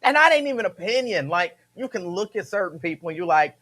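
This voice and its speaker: A man's voice: high-pitched, big pitch swings, quick pace, pushed and bright. A man hosting a radio show, talking casually and emphatically, repeating his phrases and laughing between points. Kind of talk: casual talk-radio monologue.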